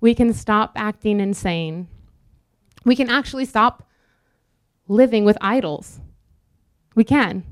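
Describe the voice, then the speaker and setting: A young woman preaching a sermon in an earnest, conversational way with quick asides. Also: mid-range voice, no room sound.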